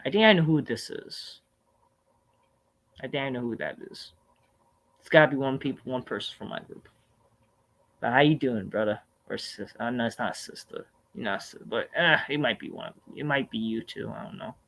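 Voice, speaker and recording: A man hosting a live stream, answering viewer questions in a rambling, profane, animated rant with sudden loud outbursts. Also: mid-range voice, normal speed, creaky.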